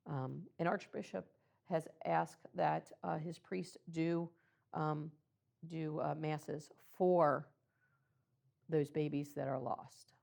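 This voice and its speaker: A woman presenting to clergy, speaking earnestly and personally, with frequent pauses and ums. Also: low voice, creaky, darkish tone. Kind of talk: talk to clergy about baby loss. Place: meeting room.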